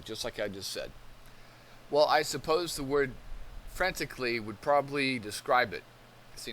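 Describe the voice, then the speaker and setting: A man's voice: medium pitch, sharp tone, a little hiss or hum. A man hosting a channel, reading definitions and transcripts aloud and thinking them through, with frequent restarts. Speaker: channel host. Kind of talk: casual commentary, reading aloud.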